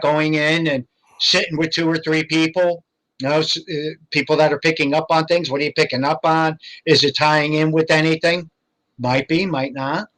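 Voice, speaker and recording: Bright-toned older man telling stories. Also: a little high, low-quality recording. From Connecticut, USA. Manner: rambling, anecdotal, many fillers. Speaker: guest paranormal investigator. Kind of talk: casual interview storytelling.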